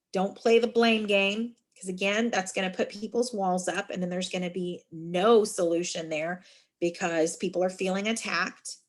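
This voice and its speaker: A middle-aged woman talks through a leadership workshop in a middle-pitched, ordinary speaking voice. She addresses her listeners as friends and slips into lively, emphatic storytelling to make her points. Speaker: university student involvement director.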